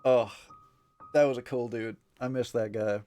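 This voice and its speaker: A man's voice: mid-range voice, fairly even intonation, a little slow, dark tone, soft background music. A man streaming live, chatting casually with viewers in a rambling way, full of fillers, frequent swearing and easy laughs. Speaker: livestreamer.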